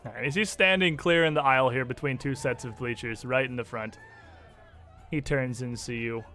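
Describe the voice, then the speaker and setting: A man narrating as game master of a tabletop game, relaxed and peppered with fillers. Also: mid-range voice, normal speed, faint music behind.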